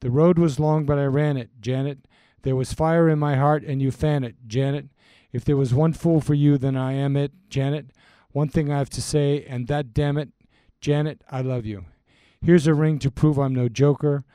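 An earnest young fellow speaking love lyrics as plain verse, as a man reads him in his own mellow voice. The sound is dry and close, with no room around it. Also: mid-range voice, steady tone, normal speed, clean tone, no room sound, close to an everyday voice. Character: earnest young male groom-to-be.

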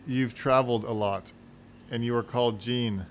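A man voicing a precise, cold English gentleman of about forty, with a clipped, exacting manner. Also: mid-range voice, steady tone, normal speed, slight background noise, lightly acted. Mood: stiff, exacting.

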